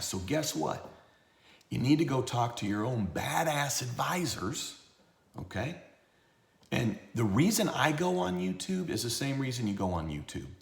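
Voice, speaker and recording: A man's voice: mid-range voice, vocal fry, roomy sound. A man who works as a tax accountant and educator, ranting in blunt, sarcastic video commentary. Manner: animated and blunt, with a sarcastic edge.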